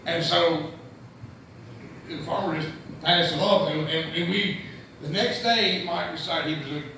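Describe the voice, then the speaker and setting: Man, stand-up comic, gravelly voice, slightly high pitch, echoey far-off club mic. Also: measured pace, bright, forceful tone. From Indianapolis, USA. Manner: profane, rambling, stammering restarts. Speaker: stand-up comedian. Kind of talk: stand-up storytelling. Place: comedy club stage. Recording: echoey room mic heard from afar with noise.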